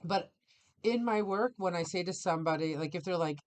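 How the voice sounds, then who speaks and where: A middle-aged woman therapist hosting a casual podcast conversation, animated and quick to act out other people's voices. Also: fairly low pitch. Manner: animated, acts out clients' voices in quotes.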